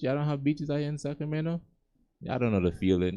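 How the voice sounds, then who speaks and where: A man's voice: mid-range voice, lively intonation, fairly quick, dark tone. Laid-back young man doing stand-up. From Gambia. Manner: laid-back, conversational, chuckling at own jokes. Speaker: stand-up comedian. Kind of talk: stand-up comedy set. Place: comedy club stage. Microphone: handheld stage mic.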